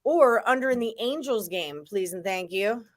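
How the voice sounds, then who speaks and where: Woman hosting a betting show, kinda high voice, chatty and playful. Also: lively intonation, normal speed. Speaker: host. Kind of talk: casual sports betting chat.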